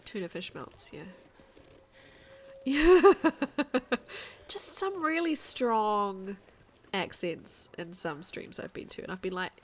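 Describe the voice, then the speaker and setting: Softly accented New Zealand woman streaming. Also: medium pitch, sing-song, takes it slowly. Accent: New Zealand, soft. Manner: chatty, reads chat aloud, thinks out loud. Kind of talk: casual live gaming chat.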